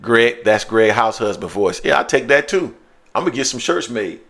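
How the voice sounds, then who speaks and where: A man hosting a casual sports live stream, talking in loose, animated, slangy banter. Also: medium pitch, normal speed. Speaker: sports show host.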